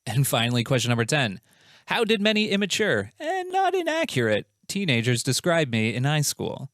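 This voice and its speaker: A man's voice: a little high, huge pitch swings, normal speed, fairly bright tone, dry recording, studio quality. A man hosting a comedic quiz show, reading out questions and answers in a playful, jokey, self-mocking way.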